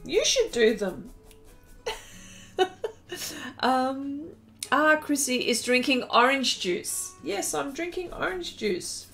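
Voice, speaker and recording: A woman's voice: sits high, very animated, slow, creaky, long pauses, a bit bright, soft background music. An Australian woman running a live painting demonstration, chatting and giggling as she reads out viewer comments and greets people by name. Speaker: art instructor on a live stream. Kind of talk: live-stream painting demo, reading chat aloud.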